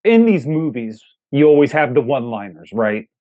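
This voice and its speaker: A man's voice: medium pitch, very animated, normal speed, phone-quality sound. A man co-hosting a movie review, emphatic and enthusiastic as he praises favorite lines. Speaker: co-host of a movie review show. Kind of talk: casual review chat.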